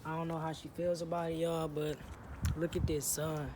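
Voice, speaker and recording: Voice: mid-range voice, flat delivery, normal speed. Joking vlogger in a noisy outdoors. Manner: joking, playful, slangy. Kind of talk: casual vlog talking to camera. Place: outdoors in sun, near a truck.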